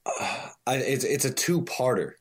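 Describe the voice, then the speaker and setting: Man, exasperated, venting, casual sports chat, animated pitch. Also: a little slow, husky. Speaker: podcast co-host.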